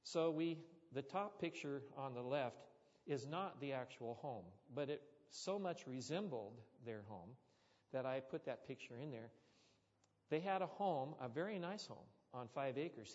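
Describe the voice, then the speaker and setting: A man's voice: mid-range voice, lo-fi sound. Preacher man telling a story in a hall. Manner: storytelling, animated with sudden loud bursts. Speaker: pastor. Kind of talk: sermon.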